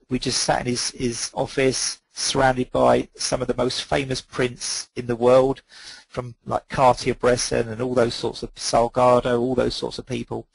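A man's voice: mid-range voice, creaky, husky, no room sound, low-quality recording. A middle-aged man, a photographer guest on a webinar call, telling rambling anecdotes full of ums and quoted dialogue. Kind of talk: relaxed anecdotal storytelling.

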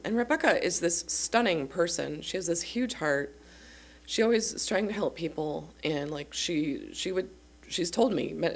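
A young woman telling a personal story at a church service, chatty and rambling, with many fillers. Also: deep voice. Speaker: congregation member sharing a story. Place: church sanctuary.

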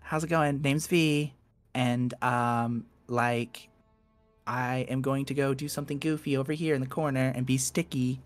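A man putting on a teasing impression of a goofy female streamer in a higher voice. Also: steady tone, unhurried, faint music behind, lightly acted. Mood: mocking.

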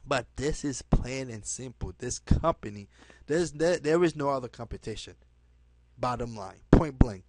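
Guy doing a pushy sales pitch to camera, halting, keeps saying okay?, mid voice, dry sound. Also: no room sound. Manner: pushy, repeats "okay?" often, halting restarts; swings from loud emphatic bursts to low trailing asides. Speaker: network marketing recruiter.

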